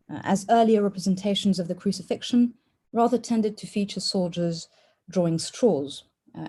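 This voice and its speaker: A woman presenting a formal academic paper at an online conference, in a measured way with an occasional "uh". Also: lowish voice, dark tone, husky. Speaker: conference speaker. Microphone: online conference call.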